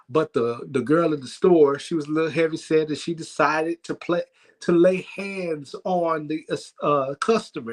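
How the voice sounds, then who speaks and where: A man with a fairly high voice hosts a comedic church livestream, speaking into his stream microphone. He tells his stories with lively energy and often trips over his words and starts over. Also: poor audio. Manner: lively storytelling with stammered restarts.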